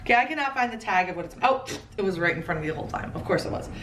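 A woman in her thirties giving a chatty, playful fashion haul commentary with quick asides. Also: medium pitch, expressive, a bit bright, reverberant, distant mic, a little hiss or hum. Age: 30s. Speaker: fashion vlogger.

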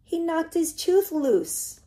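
A woman, a children's librarian, reading a picture book aloud to preschoolers with animated, singsong storytelling. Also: extremely high pitch, takes it slowly, a little hiss or hum. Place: library program recorded for online viewing.

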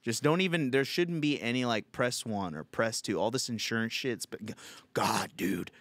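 A man's voice: mid-range voice, moderate pace, fairly bright tone, no room sound. A man hosting a comedy podcast, talking in a crude, rambling, laid-back way. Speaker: podcast host. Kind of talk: casual podcast chat.

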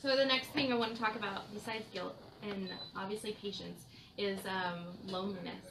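Earnest mom podcaster in an echoey room. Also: female voice, medium pitch, steady tone, normal speed, gravelly, far from the mic, noisy background. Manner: earnest, emphatic, talks about motherhood frankly. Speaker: podcast co-host. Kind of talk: casual podcast chat.

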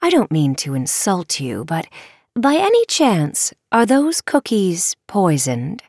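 A woman's voice: on the low side, wildly swooping pitch, slow pace, darkish tone, no echo, studio quality, exaggerated voice. A woman voicing a gracious, commanding villainous fairy mother in a storybook. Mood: polite. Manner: smooth, polite, commanding.

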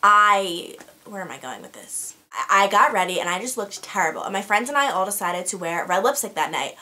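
A woman's voice: medium pitch, animated, brisk, bright, forceful tone. A teenage girl chatting to camera in a beauty vlog, rambling with lots of fillers and restarts. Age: teens. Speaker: beauty vlogger. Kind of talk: casual chat to camera.

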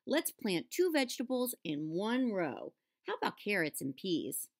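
A woman's voice: mid-range voice, big pitch swings, measured pace. A woman reading aloud and voicing Posy, a bossy young female character who speaks firmly.

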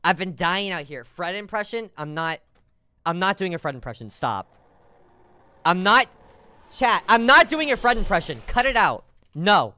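A man streaming a game live, talking to his chat in an excitable, joking way with sudden shouts. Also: sits high, moderate pace, long pauses, smooth, dry recording.

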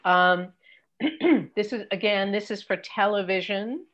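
A woman's voice: dull audio, noisy background. An older woman, a career coach, giving emphatic, practical advice as a guest in an interview. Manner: brisk, emphatic, mimics pitch emails.

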